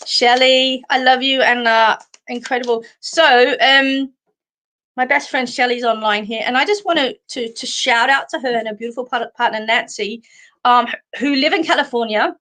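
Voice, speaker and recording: This Australian psychic medium has a fairly high voice and a moderate pace as she hosts a livestream of card readings. She chats warmly, fills her speech with fillers, and keeps calling viewers sweetheart.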